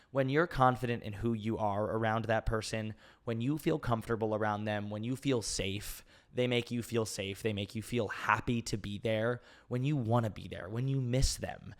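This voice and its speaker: A man in his twenties hosting a casual podcast Q&A, rambling openly with many fillers and restarts. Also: medium pitch. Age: 20s. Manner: open and emotional, laughs easily. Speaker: podcast host. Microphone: podcast mic.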